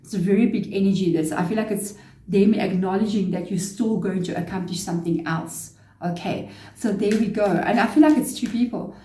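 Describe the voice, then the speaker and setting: A woman reads tarot cards aloud in a loose, chatty way, passing along messages she says come from spirit. Her voice is mellow and warm, and the room around her rings with a roomy echo. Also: mid-range voice. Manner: chatty, relaying spirit messages, quick laughs. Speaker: tarot reader. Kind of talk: casual tarot reading to camera.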